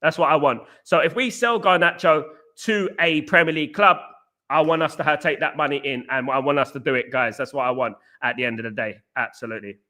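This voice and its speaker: Chatty man with a bright voice. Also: fairly high pitch, fairly quick. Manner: chatty, repeats phrases, calls viewers mate and bruv. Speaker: fan channel host reading viewer messages. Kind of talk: casual livestream chat.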